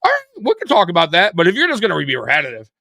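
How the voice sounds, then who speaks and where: A man's voice: sits high, wildly swooping pitch, racing, gravelly, sharp tone, dry recording, studio quality. A man co-hosting a live sports show, talking casually, profane and rambling.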